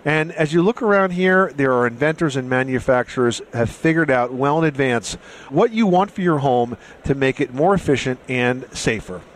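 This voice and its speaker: A man hosting a home improvement radio show, presenting in a brisk, upbeat way. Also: medium pitch, slight background noise.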